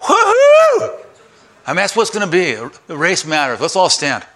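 A man preaching a sermon in church, folksy and animated, sometimes shouting with excitement. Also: on the high side, fast. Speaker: pastor.

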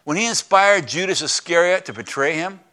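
At normal speed and with a slightly high voice, a male preacher recounts a story in plain, lively terms during a sermon, moving from loud outbursts to hushed stress.

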